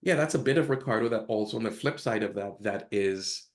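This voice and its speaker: Brisk and on the low side, this man is a podcast guest recounting candid personal stories in a laid-back interview. He laughs at his own tales and acts out the quotes as he goes.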